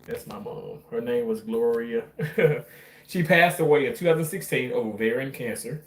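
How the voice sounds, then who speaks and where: A man's voice: mid-range voice, moderate pace, recorded from a distance. Man, rambling casual vlog talk, off-mic, echoey kitchen. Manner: chatty, rambling, casual swearing. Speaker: cooking vlogger. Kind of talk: casual home cooking vlog. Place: home kitchen. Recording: echoey room, voice off-mic, faint noise.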